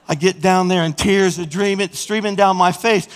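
A male pastor preaching a sermon, dropping to hushed storytelling and rising to shouted appeals. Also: high-pitched, moderate pace. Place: church sanctuary. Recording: long hall reverb.

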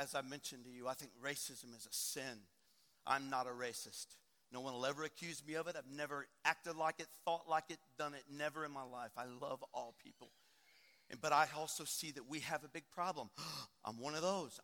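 A man preaching a sermon, swinging from quiet talk to shouting. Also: medium pitch, normal speed. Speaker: pastor. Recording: long hall reverb.

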